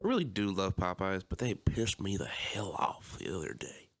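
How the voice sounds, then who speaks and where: A young man with a Philadelphia-area accent tells a story on a podcast, his voice sitting a little low. He is animated and swears freely. He loudly acts out the lines of people in his stories. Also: normal speed. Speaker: podcast co-host. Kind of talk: casual chat, storytelling.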